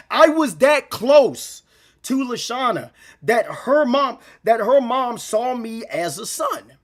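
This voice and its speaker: Brief: young male vlogger, high voice, rambling heartfelt monologue, on the edge of tears. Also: sing-song, slow pace. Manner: rambling, repeats himself, slangy. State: near tears. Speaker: gaming channel vlogger. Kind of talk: emotional unscripted monologue.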